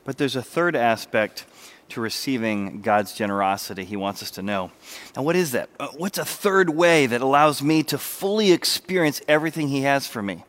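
Male pastor, mid-pitched, energetic sermon delivery with hushed intimate moments. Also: normal speed. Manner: animated preaching, drops to soft intimate voice.

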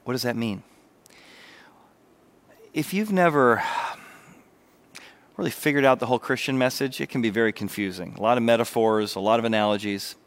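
A man preaching a sermon, animated, sometimes dropping to a soft, intimate voice. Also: mid-range voice, moderate pace, pauses often. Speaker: pastor.

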